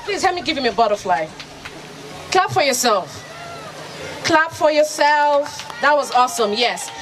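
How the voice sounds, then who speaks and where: High, lively woman storyteller from Nigeria. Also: rough recording. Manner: lively, call-and-response, coaxing children to join in. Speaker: storyteller and radio host. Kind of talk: interactive storytelling for children. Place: outdoor festival kids' area. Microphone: handheld microphone. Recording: outdoor crowd noise in background.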